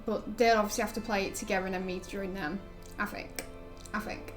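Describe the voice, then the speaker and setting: A woman's voice: mid-range voice, steady tone, brisk, music in the background. A young woman, chatting casually and rambling while she streams a game, laughing often. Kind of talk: casual gaming stream chat.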